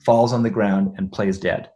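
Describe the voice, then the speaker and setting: With a low-leaning voice and moderate speed, a middle-aged man recounts his family history as an interview guest. He's lively about it, laughing along the way and checking in with the person listening.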